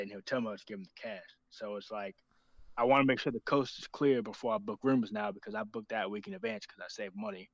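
A man's voice: on the low side, fast talker, no echo. A man in his twenties, a wrestler, talking bluntly and swearing a lot in casual chat. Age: 20s. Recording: dull lo-fi sound.

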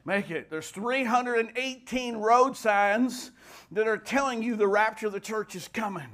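Male pastor, high voice, fervent sermon delivery with loud shouted peaks. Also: measured pace. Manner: fervent preaching, rising to shouts.

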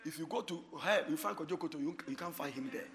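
A man preaching a sermon, moving from hushed storytelling to shouted exhortation and laughing often. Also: fairly high pitch, fast, big-room sound. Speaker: pastor.

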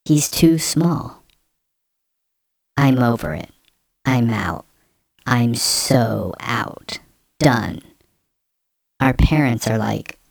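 A man voicing a bitter young man sulking over a breakup, reading slowly and flatly through a voice changer effect. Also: mid-range voice, vocal fry, no room sound, studio quality, pitched above the performer's own voice, heavily acted. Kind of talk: mock dramatic reading of a post.

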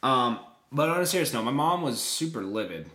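Animated young man telling a story. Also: a little fast, echoey room. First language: German. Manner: animated storyteller who acts out quotes with big pitch jumps. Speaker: podcast co-host. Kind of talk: casual storytelling chat.

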